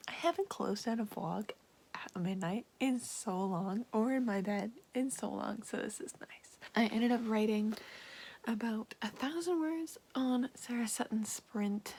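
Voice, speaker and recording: A woman with a Canadian accent talks casually to her viewers about books and her day. She rambles in a giggly way, filling her sentences with likes and ums. Her voice has a light creak of vocal fry. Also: mid-range voice, darkish tone. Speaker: book vlogger. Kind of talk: casual chat to camera.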